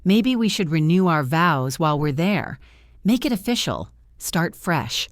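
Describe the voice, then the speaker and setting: A woman voicing an evasive, cheating middle-aged husband who talks smoothly. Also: lowish voice, very animated, measured pace, no room sound, clean studio sound. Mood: tender.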